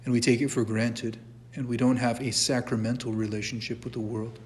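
A man's voice: medium pitch, little pitch movement, a little fast, a little mellow, a little hiss or hum. A middle-aged man teaching a church catechism class in a conversational way, often restarting his sentences and adding asides. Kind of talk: informal church class lecture. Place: church hall. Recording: long echo of a church hall.

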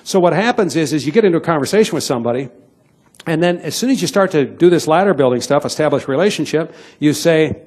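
Fast-talking husky middle-aged sales trainer. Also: male voice, a little high, animated, a little mellow. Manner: punchy, direct, coaxing, acts out sales dialogues. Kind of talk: motivational sales talk to an audience.

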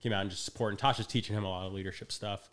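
Fast-talking man telling a story. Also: fairly low pitch. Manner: animated storyteller, acts out quotes, laughs often. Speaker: guest. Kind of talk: casual podcast conversation.

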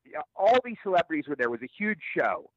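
A middle-aged man, an actor guest, telling stories in an interview in a rapid, stammering way with repeated words. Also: fairly high pitch, big pitch swings, no room sound. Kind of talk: storytelling interview answers. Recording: tinny phone line, dry.

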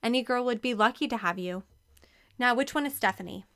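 A woman's voice: a little high, fairly quick, a bit bright. A woman reading the part of a brash, teasing teenage boy coaching his friend.

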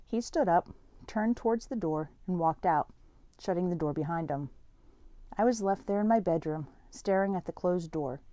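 A woman's voice: fairly low pitch, moderate pace, dark tone, no echo. A woman reading a first-person story aloud in a plain, conversational way.

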